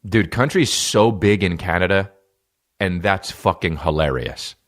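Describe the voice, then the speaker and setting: A man's voice: low-pitched, animated, unhurried. A man hosting a comedy podcast, talking in a profane, rambling and jokey way. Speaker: podcast host.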